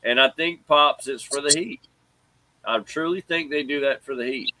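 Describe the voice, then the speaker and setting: A man hosting a casual sports talk show, animated and preachy, calling on his co-hosts. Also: a little high, moderate pace, no room sound, rough recording. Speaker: host.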